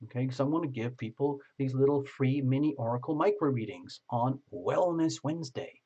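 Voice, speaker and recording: A man's voice: mid-range voice, normal speed, mellow, slightly rough, muffled recording. A man hosting a live tarot stream, reading viewer comments aloud and joking as he greets people by name.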